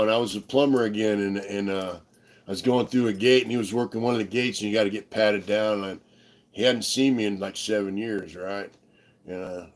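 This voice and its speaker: A middle-aged man with a fairly low voice spins loose, profane stories full of fillers. He talks in an easy, laid-back way as a livestream co-host. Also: slight background noise. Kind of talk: casual storytelling chat.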